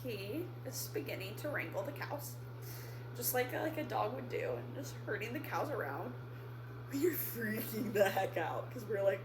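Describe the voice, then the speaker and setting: A young woman casually telling a family story alongside her husband, chatty and quick to laugh. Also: medium pitch, expressive. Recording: echoey room with faint noise.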